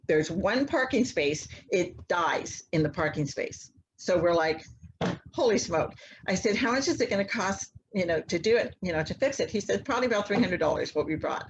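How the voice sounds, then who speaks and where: A woman's voice: medium pitch, slight background noise. Storytelling woman on a dull video call. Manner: animated storyteller, acting out dialogue. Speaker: interview guest, mother. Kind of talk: casual storytelling.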